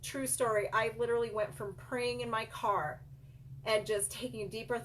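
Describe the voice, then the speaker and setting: A woman's voice: on the high side, fairly even intonation, normal speed, a little hiss or hum. Earnest woman sharing a heartfelt story. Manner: earnest, emotional, addresses viewers as "you guys". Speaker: child care business coach and center owner. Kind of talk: heartfelt personal story to viewers.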